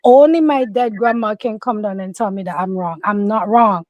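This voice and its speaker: A woman's voice: medium pitch, normal speed, a little mellow, no room sound, muffled recording. A woman giving casual, opinionated commentary, emphatic and insistent, acting out the voices of people she quotes.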